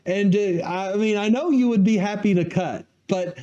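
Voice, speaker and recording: A man's voice: sits high, normal speed, warm tone, muffled recording. A man hosting a live stream interview, chatty and friendly. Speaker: host.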